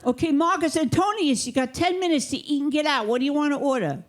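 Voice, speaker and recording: A brusque, gruff waiter with a thick Brooklyn accent rushes the customer along, as a comedian puts him on. The voice rides noticeably higher than her usual talk. It is pushy and impatient. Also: slight background noise, close to an everyday voice.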